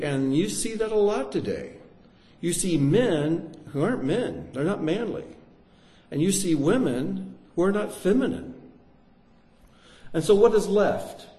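A man preaching a sermon in an animated way, with joking asides and swings between loud and hushed delivery. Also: a little high, reverberant.

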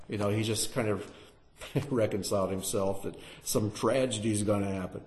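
A man teaching through a Bible passage in an animated, dramatic sermon style, sometimes acting out the characters. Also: fairly low pitch, normal speed, hardly any pauses. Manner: animated, dramatic, acts out voices.

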